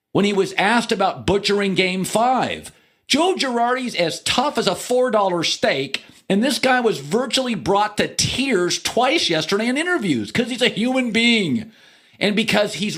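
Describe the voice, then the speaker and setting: A middle-aged man hosting a sports talk show, delivering an opinionated monologue with jokes and quick mocking impressions. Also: high-pitched. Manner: animated, joking, swings into mocking impressions. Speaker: sports radio host.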